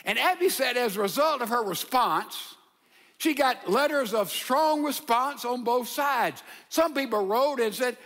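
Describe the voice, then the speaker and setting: Folksy preacher, high voice. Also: male voice, lively intonation, a little slow, a bit bright. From American South. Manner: folksy, chuckling storyteller turning to fervent exhortation. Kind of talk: sermon with humorous storytelling.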